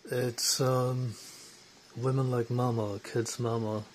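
A man's voice: medium pitch, little pitch movement, takes it slowly, a little hiss or hum, low-quality recording. A man chatting casually on a livestream who talks hesitantly and fills his speech with fillers. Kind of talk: casual chat.

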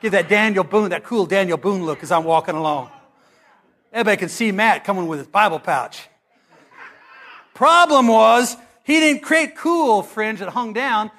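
A middle-aged man, preaching a storytelling sermon. He is animated and humorous, and swings between loud and hushed. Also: sits high, moderate pace.

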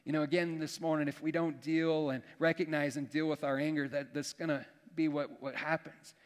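Earnest pastor preaching in an echoing hall. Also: male voice, a little high, steady tone, fairly quick. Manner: earnest, repetitive restarts, folksy "man". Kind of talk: sermon. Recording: long hall reverb.

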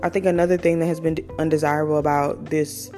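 Host type: woman, mid-twenties, slightly low voice, candid and profane solo talk, faint music underneath. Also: level tone, fast talker, mellow. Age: 20s. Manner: candid, profane, conversational with slang. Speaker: podcast host. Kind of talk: casual personal monologue.

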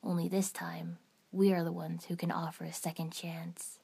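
A grave teenage boy with a rasping near-whisper, as a woman reads him aloud. He speaks slowly and earnestly, with a low, husky tone. This comes from a fan fiction audiobook reading. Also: level tone, full character voice. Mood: solemn. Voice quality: raspy, hushed near-whisper.

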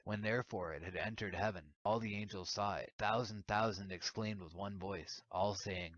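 A man giving a steady, solemn reading of an archaic religious text. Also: deep voice, normal speed, few pauses, slight background noise. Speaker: reader. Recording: dull lo-fi recording.

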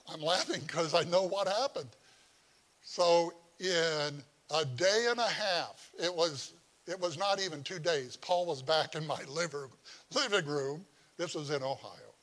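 Male preacher, pitched a little high, animated storyteller with a chatty pulpit delivery. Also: a little slow. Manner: animated, conversational, chuckles while telling stories. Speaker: pastor. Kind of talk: sermon with personal storytelling.

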